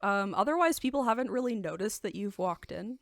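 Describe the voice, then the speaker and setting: A woman's voice: mid-range voice, fairly quick, no room sound, studio quality. Woman narrating as game master. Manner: descriptive, relaxed, many fillers.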